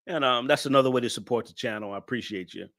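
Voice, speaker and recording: A man's voice: mid-range voice, fast talker, fairly bright tone. A man hosting a live stream, laughing as he roasts a viewer in loose, slangy casual talk. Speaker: live-stream show host.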